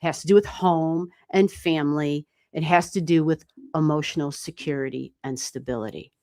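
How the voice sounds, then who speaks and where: A woman giving casual, animated astrology readings on a livestream, chatting and swearing lightly as she goes. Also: sits low, normal speed, no room sound, clean studio sound. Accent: US Midwestern. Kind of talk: casual live-stream reading.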